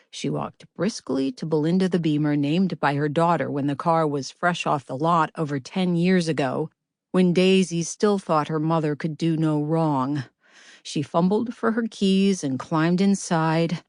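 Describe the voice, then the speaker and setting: A woman narrating a novel as an audiobook reader, in a measured, gentle storytelling manner. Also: deep voice, no echo, studio quality. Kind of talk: scripted narration.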